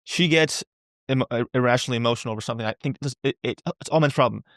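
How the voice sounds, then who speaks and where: A man's voice: mid-range voice, rapid-fire, a bit bright, no room sound, studio quality. A man speaking as a podcast guest, talking candidly and loosely, repeating words as he goes and swearing casually. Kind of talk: candid conversational interview.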